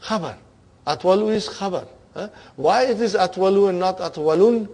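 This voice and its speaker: A man teaching an Arabic grammar class, quizzing his students with repeated questions and murmuring quiet words of praise. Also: high voice, moderate pace.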